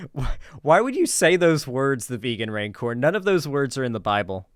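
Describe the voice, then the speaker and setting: A man's voice: medium pitch, big pitch swings, normal speed, no echo. A man hosting a casual reaction commentary, rambling with lots of filler words and sarcastic asides. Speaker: commentary host.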